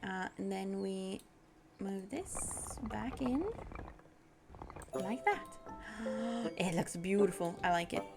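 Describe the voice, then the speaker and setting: A woman's voice: medium pitch, slow pace, vocal fry, pauses often. A young woman streaming a building game, chatting casually and narrating what she does with bubbly giggles. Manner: bubbly, giggly, narrates her own actions aloud. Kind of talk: casual gameplay chat. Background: background music.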